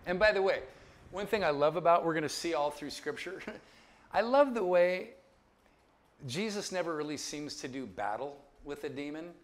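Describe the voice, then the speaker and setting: A man teaches a Bible lecture with a somewhat high voice that rises and falls a great deal. He keeps checking that listeners follow him and drops in chuckling asides. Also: lively intonation, normal speed.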